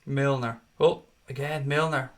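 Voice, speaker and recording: Sweary excitable football fan. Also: male voice, mid-range voice, a little slow. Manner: excitable, sweary, rants at the referee; chats to viewers in the live chat. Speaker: fan hosting a live watchalong. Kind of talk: live fan match commentary.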